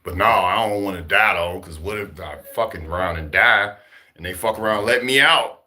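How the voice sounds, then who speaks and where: A man from Chicago casually telling a story to his viewers, profane and animated, laughing as he goes. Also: deep voice, moderate pace. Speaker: vlogger talking to his viewers.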